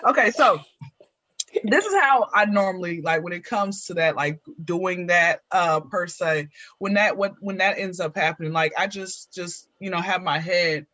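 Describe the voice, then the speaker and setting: A woman co-hosting a podcast in casual group chat, bubbly and halting, with many restarts. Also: on the low side, pushed and bright, dry recording. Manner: bubbly, talks with lots of restarts. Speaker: podcast co-host.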